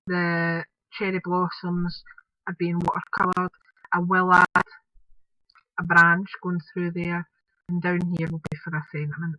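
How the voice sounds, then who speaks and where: A woman's voice: lowish voice, flat delivery, measured pace, no room sound, muffled recording. A woman from Scotland with a Scottish accent, chatting through a crafting tutorial in a rambling way with lots of "um"s and Scottish words.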